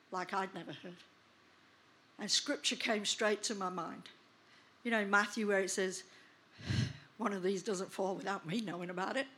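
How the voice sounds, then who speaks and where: Her voice a little high, a sixties-aged woman pastor tells her own testimony during a sermon. She brings the story alive by acting out the scenes.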